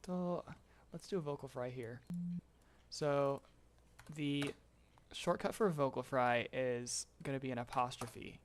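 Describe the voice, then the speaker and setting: A man explaining vocal tuning in a relaxed live-stream tutorial, chatting and laughing with his chat between explanations. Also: mid-range voice, unhurried, slight background noise. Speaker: streamer teaching voicebank tuning.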